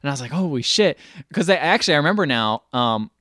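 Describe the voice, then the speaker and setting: A man's voice: a little high, very animated, quick pace, pushed and bright, no room sound, clean studio sound. A young man co-hosting a podcast, casually recapping a movie and acting out the characters' lines in silly voices. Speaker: podcast co-host.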